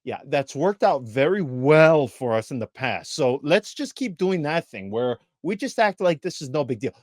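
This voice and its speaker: A man's voice: fairly high pitch, big pitch swings, normal speed, no room sound, studio quality. A man in his thirties co-hosting a podcast, ranting in an exasperated, emphatic way and repeating his points. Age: 30s. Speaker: podcast co-host. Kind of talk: heated podcast rant.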